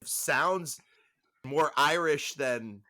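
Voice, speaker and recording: Podcast co-host, man, bright and forward voice, loose rambling delivery. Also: a little high, very slow. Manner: rambling, self-interrupting, animated. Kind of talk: casual chat.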